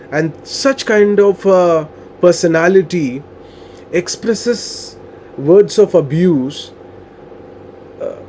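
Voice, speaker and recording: A man's voice: sits high, a little mellow, a little hiss or hum. A man interviewing a guest, earnest and wordy, with many "you know" and "uh" fillers. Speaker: interviewer and coach. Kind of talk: conversational interview questions.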